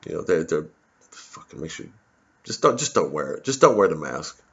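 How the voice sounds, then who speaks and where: A man's voice: sits low, big pitch swings, brisk, dull audio. A male comedian in a profane, rambling, sarcastic monologue to camera, with many restarts.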